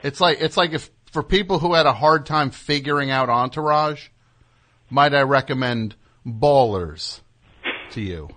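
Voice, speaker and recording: A man's voice: mid-range voice, measured pace, a bit bright. A man hosting a talk show, rambling and riffing with sarcastic humor in casual banter. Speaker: radio show host.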